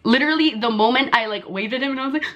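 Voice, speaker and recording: A young woman vlogger telling a story in casual, filler-heavy chat, her voice jumping high when she relives excitement. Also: dull audio. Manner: chatty, full of "like" and "um" fillers.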